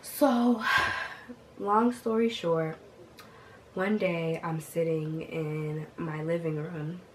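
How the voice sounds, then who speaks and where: A young woman from the Boston area, recorded at home on a camera mic, telling a story to viewers in a chatty, animated way. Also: sits low, extremely slow, slight background noise. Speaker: vlogger. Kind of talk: casual storytelling.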